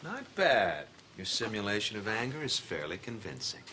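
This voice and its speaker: A man's voice: lowish voice, big pitch swings, normal speed, bright, forceful tone, a little hiss or hum. An actor playing a pompous, sardonic male news anchor who mocks his boss dryly. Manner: sardonic, mocking, dry. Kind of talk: sitcom acting.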